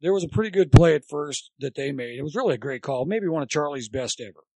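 Gravelly man telling sports stories. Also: a little high, fast. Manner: chatty, animated storyteller. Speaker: guest, former college baseball coach. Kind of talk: rambling anecdotal storytelling.

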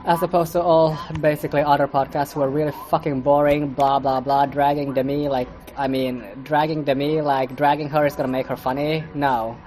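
A foul-mouthed podcast reviewer riffing in a loose solo commentary. The talk is sarcastic and rambling, full of stammers, restarts and blunt put-downs, at a mid-range pitch. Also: level tone, brisk, hardly any pauses, a little mellow. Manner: sarcastic and profane. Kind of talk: casual commentary monologue.

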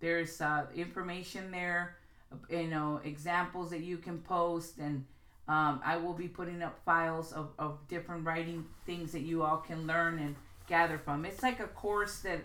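A woman's voice: deep voice, steady tone, fairly bright tone. A woman hosting a casual writing podcast, reading from a book and talking it over in a loose, chatty way with many restarts. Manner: chatty, restarts and fillers, slows to stress quoted examples. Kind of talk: informal teaching podcast, reading quotes aloud. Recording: roomy echo.

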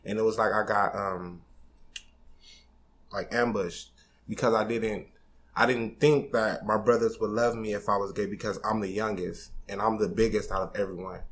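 A man's voice: on the low side, steady tone, moderate pace, fairly bright tone, a little hiss or hum. A man in his twenties on a podcast, candidly telling a personal story in a casual, slangy way, swearing freely and getting emotional. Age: 20s.

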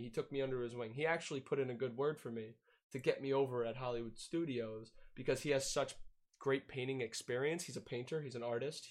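A young man casually telling a profane, laughing story on a podcast. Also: mid-range voice. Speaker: podcast host.

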